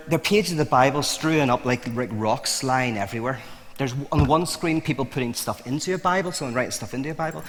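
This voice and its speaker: A man being interviewed, talking in a loose storytelling way with many restarts and laughs at his own points. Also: a little high. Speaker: interview guest. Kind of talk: conversational storytelling. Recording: long hall reverb.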